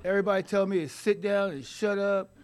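A man's voice: sits high, steady tone, clean tone. Rambling man telling a wry life story. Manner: rambling, halting, with wry humor. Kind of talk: personal recovery story told to an audience.

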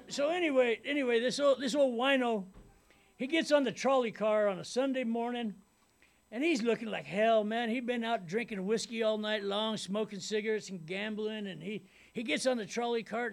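Gravelly high-voiced man telling his recovery story. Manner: rambling and casual, with many "man" and "you know what I mean". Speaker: speaker at a recovery meeting. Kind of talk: personal recovery talk to a meeting. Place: meeting room before a live audience.

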